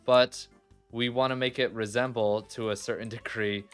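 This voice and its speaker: Smooth-voiced man narrating his gameplay. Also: mid-range voice, fairly even intonation, moderate pace, faint music behind. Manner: chatty, exclaims and laughs readily, talks straight to viewers. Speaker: gaming video creator. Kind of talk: casual let's-play commentary.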